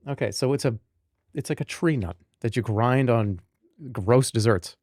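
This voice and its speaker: A man, chatting casually on a live stream, rambling and joking, now and then breaking into loud animated rants. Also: mid-range voice, normal speed, dry recording, clean studio sound.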